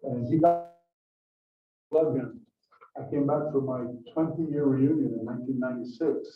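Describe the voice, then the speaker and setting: A man's voice: medium pitch, moderate pace. An older man from Brazil speaks to a room full of people, telling stories in a chatty way and often restarting his sentences. The sound is muffled and distant, with a roomy echo around his voice. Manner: chatty storytelling with repeated restarts. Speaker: guest speaker. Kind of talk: lecture to an audience. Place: lecture room. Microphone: microphone from some distance.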